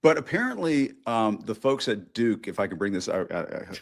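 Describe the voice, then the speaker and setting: A middle-aged man hosting a live interview, casual and quick with jokes. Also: fairly low pitch, sing-song. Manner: casual, joking, conversational. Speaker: news show host.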